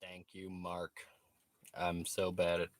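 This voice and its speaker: A man's voice: low-pitched, completely flat delivery, takes it slowly, dry recording. A man chatting casually on a live stream, laid-back, swearing freely and laughing often. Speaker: livestreamer. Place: truck workshop.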